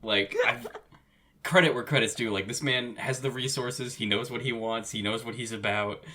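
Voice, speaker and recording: A man's voice: mid-range voice, moderate pace, slight background noise. A man co-hosting a podcast, recapping a drama episode in casual chat, swearing and acting out lines. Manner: animated, swears, acts out quotes. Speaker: podcast co-host.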